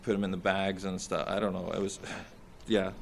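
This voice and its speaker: A young man, a soldier in therapy, recounting combat in a halting, distressed way with many restarts and fillers; he sounds shaken and nauseous. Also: deep voice, level tone, vocal fry, slight background noise.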